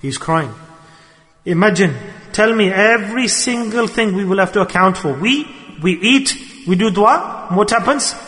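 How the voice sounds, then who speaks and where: A man with a high voice and delivers an earnest, animated sermon. He slips into quoted voices as he talks, and his words ring out with the long reverb of a large hall. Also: normal speed. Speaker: preacher.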